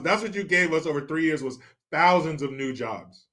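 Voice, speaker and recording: A man's voice: a little high, expressive, fairly quick, a bit bright. A man hosting his own show, ranting through sarcastic, profane political commentary full of mockery. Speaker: show host.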